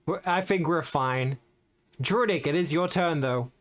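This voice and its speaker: A game master running a tabletop session, relaxed and joking while making rulings. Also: mid-range voice, a little slow.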